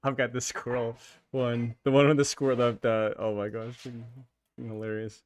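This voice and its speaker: A man's voice: medium pitch, flat delivery, moderate pace, slight background noise. A man streaming, chatting casually with viewers while gaming, laughing often and using lots of filler words. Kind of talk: casual live-stream chat.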